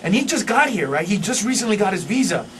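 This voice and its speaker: A male comedian riffing as a guest on a radio morning show, shouting punchlines and laughing through his rants. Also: sits high, big pitch swings, fast talker, distant mic, slight background noise. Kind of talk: loud stand-up style riffing. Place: radio studio.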